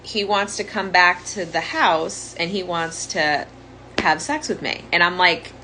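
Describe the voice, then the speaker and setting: A woman's voice: on the low side, fairly even intonation, unhurried, bright, forceful tone, slight background noise, low-quality recording. A young woman candidly telling her own story as a survivor, in a conversational monologue full of "like" fillers. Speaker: domestic violence survivor sharing her story.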